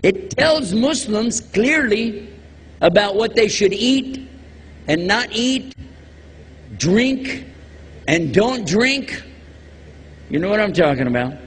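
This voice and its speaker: Man, preacher, jokey, quizzes audience, slow delivery, long hall reverb. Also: high voice, sing-song. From Texas. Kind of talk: religious lecture to a live audience. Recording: long hall reverb, faint background noise.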